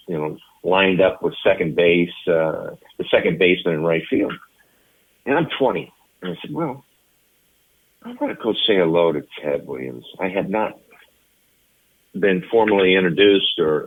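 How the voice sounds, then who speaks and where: A man in his seventies tells a long anecdote, his voice very low. The sound is narrow and tinny, like a phone line. He leans into the story with animated, storytelling energy. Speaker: interview guest, retired baseball player. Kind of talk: storytelling interview.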